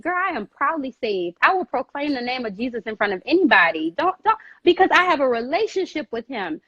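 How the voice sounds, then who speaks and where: A woman giving emphatic, preachy advice in an animated way, repeating phrases and calling the listener girl, on a live video call. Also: high voice, no echo, muffled recording.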